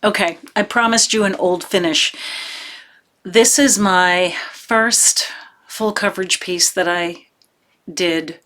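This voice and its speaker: A woman's voice: lowish voice, takes it slowly, a bit bright. A woman talking casually to camera as a cross-stitch vlogger, chatty and gushing, with lots of fillers.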